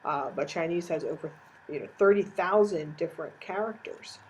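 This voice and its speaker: A woman's voice: on the low side, normal speed, husky, rough recording. A woman giving a recorded course lecture, explaining step by step with frequent "uh" fillers.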